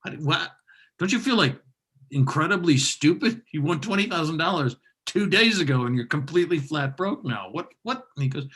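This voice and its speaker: Middle-aged male comedy host, bright tone, rowdy teasing banter. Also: on the high side, lively intonation, fairly quick, breathy edge, rough recording. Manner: loud, laughing, teasing banter.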